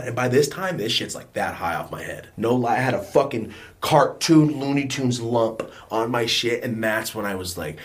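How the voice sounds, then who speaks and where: Give me a young man from California doing a lively, profane storytime in an average-pitched voice. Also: brisk. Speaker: vlogger. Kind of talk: casual storytime.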